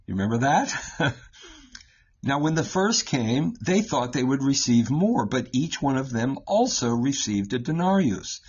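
Husky man teaching scripture, step by step. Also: medium pitch, highs cut off. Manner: explains step by step, keeps asking "right?". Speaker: Catholic Bible teacher.

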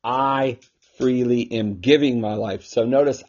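Male host and Bible teacher, husky timbre, mid-pitched, emphatic, dull home recording. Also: measured pace, darkish tone. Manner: emphatic, with frequent rhetorical "right?". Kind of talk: casual scripture teaching talk.

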